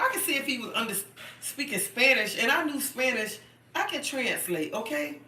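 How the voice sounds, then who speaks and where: Bright-voiced chatty woman livestreaming. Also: a little high, lively intonation, normal speed, reverberant, distant mic, a little hiss or hum. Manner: chatty and emphatic, repeats herself, keeps asking "okay?". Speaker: livestream host. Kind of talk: casual live-stream chat.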